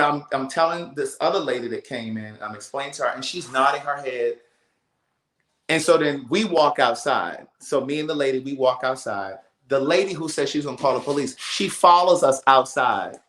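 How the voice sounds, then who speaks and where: A man hosts a casual livestream and tells a story in an animated, emphatic way, circling back and repeating himself as he goes. His voice sits at an ordinary pitch and carries a noticeable roomy echo. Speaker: livestream host.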